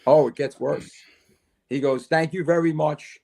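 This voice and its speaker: Slightly high-pitched and a bit slow, this creaky-voiced older man is a retired fire chief guesting on a podcast. He's an animated storyteller who plays out the conversations within his long anecdotes during a relaxed interview.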